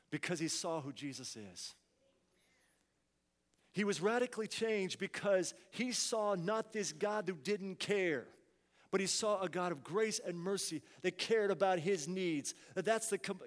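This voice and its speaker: A man preaches from the pulpit, his voice sitting high for a man. He drops to near-murmurs and then swells into loud, pleading cries. The sound rings out with a long reverb, as in a large church hall. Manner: preaching with swings from hushed to shouted. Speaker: pastor. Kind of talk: sermon.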